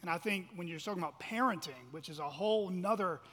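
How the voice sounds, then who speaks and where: A man's voice: sits high, quick pace, bright, forceful tone. A man co-leading a church workshop as pastor, speaking reflectively and quoting scripture. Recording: reverberant hall.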